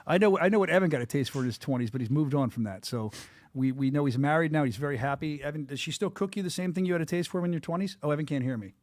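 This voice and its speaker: A man with a Delaware County Philly accent hosts a podcast and rattles along at a brisk clip in a slightly higher voice. His joking hype-man patter sounds close and dry on a studio mic. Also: darkish tone, dry recording. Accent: Delaware County Philadelphia. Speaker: host. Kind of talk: casual podcast chat.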